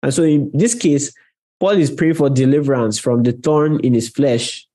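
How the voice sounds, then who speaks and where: A man's voice: mid-range voice, normal speed, warm tone. A man preaching a conversational sermon on prayer, talking directly to his listeners and stressing key words. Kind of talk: sermon teaching.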